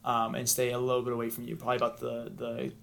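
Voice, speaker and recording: A man's voice: mid-range voice, monotone, fast, gravelly, a bit bright, a little hiss or hum. A man running a tabletop game as game master, narrating scenes and rulings with many ums. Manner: hesitant, many ums while describing.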